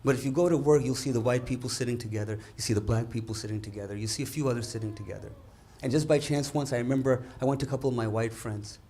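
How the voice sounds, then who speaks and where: A man telling stand-up jokes at a community dinner, acting out characters in animated quoted voices. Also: mid-range voice, very fast, hardly any pauses. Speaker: comedian at a dinner. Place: event hall with a live audience.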